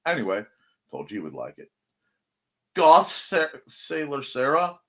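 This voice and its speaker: A man's voice: mid-range voice, sing-song, normal speed, a bit bright. A man hosting a casual live-stream show, reading viewer comments aloud in a playful way. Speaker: host of a creative morning show.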